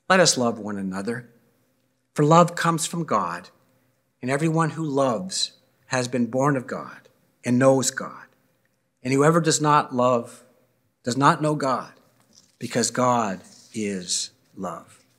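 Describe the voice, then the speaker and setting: Slow measured pastor guy reading scripture, earnest blessing. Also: medium pitch, lively intonation, fairly bright tone.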